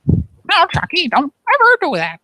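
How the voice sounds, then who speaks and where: Una mamma da cartone, cantilenante. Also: female voice, wildly swooping pitch, a little slow, very noisy, full character voice. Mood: scolding. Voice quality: high sing-song scolding tone. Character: sing-song cartoon mother scolding child.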